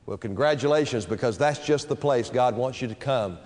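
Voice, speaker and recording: A man preaching a sermon with dramatic delivery, stretching key phrases slowly for emphasis. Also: mid-range voice, a little mellow. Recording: long reverb of a large hall.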